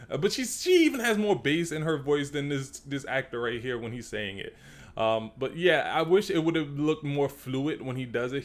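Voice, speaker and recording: A man giving a casual, slangy commentary as he breaks down a movie trailer. He repeats himself, restarts phrases and climbs higher in pitch when he gets worked up.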